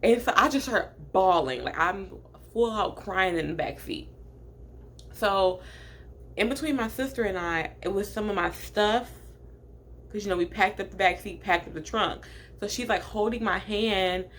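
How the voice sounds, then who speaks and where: A woman's voice: mid-range voice, moderate pace, fairly bright tone, a little hiss or hum. A woman in her late twenties from Michigan, telling a personal story to her viewers in a chatty, filler-heavy way. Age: late 20s. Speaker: vlogger. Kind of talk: storytime vlog.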